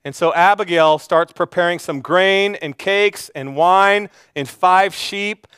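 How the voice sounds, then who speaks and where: A male pastor preaching a sermon, retelling a Bible story with animated storytelling and acting out the characters' lines. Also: high voice, clear, resonant tone, dry recording, clean studio sound.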